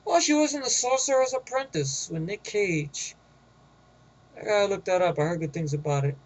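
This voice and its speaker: Rambling New York guy, high voice. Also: expressive, moderate pace, poor audio. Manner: rambling, profane, easily sidetracked. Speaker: movie reviewer. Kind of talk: casual rambling film review.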